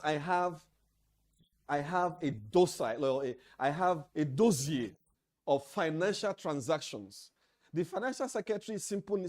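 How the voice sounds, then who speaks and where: A man with a Nigerian English accent delivers a leadership training lecture to officials. His voice is mellow and warm, and he speaks emphatically. He hammers his points home by repeating key phrases. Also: on the high side. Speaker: leadership trainer at an association meeting. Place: meeting hall.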